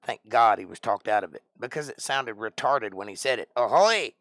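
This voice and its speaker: A man with a Georgia Southern accent and a fairly low, slightly bright voice speaks a little fast, in clean studio quality with no room sound. A Bible teacher hosting a casual livestream, he reads chat comments aloud and answers with wry, joking banter.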